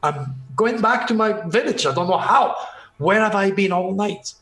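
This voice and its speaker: A man's voice: high-pitched, lively intonation, moderate pace, fairly bright tone, echoey room, slight background noise, low-quality recording. A man from France, telling a dramatic story as a podcast guest and acting out the dialogue. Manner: dramatic, acts out dialogue, restarts often. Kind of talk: animated storytelling.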